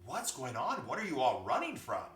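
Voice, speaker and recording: A man's voice: medium pitch, wildly swooping pitch, normal speed, a bit bright, a little hiss or hum. A man playing a concerned storybook deer. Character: anxious male deer. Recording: echoey room, far from mic.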